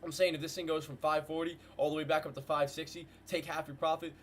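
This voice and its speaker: Excitable man hyping live trades. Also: fairly high pitch, quick pace, a little hiss or hum. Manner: hyped, slangy, talks to chat with "guys" and "bro"; repeats phrases in bursts. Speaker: trading livestream host. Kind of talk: live market commentary. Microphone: desk mic with headphones.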